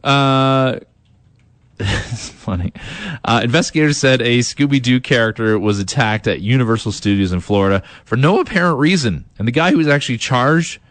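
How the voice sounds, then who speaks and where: A man's voice: medium pitch, lively intonation, moderate pace, a bit bright, dry recording. A young man hosting a radio show, chatting casually, rambling with lots of fillers and self-deprecating asides. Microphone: studio mic.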